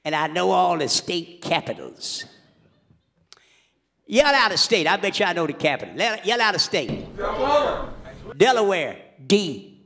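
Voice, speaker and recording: A man voicing a laid-back, boastful old bluesman with a Louisiana accent, drawling slowly and low. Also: very animated, sharp tone, heavily acted. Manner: slow, low drawl, playful bragging.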